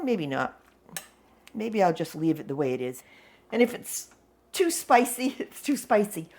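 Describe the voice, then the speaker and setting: A woman, telling a story casually at home and laughing often. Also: fairly high pitch. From New England. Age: 60s. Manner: excitable, laughs often, exasperated humor. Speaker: vlogger.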